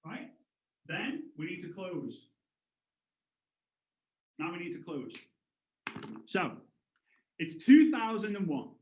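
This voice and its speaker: Leading an upbeat live sales training, this network marketing trainer is a man in his thirties whose voice sits high and leaps around as he acts out voices in his stories. He takes his time, pausing often. Every word carries a noticeable echo from the room.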